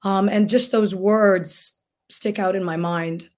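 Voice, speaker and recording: A woman guest speaking earnestly in a roundtable discussion, halting at times and emotionally moved. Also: medium pitch, steady tone, darkish tone. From Palestinian family. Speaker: guest author and plaintiff.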